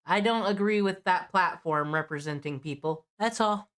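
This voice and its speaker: A woman's voice: fairly low pitch, moderate pace, fairly bright tone. A woman streamer giving casual reaction commentary, blunt, profane and opinionated.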